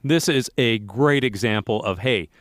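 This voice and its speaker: A man's voice: medium pitch, measured pace, dry recording. Male podcast host, casual and chuckling, dry close sound. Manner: relaxed, chuckling, filler-heavy. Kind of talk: casual interview chat.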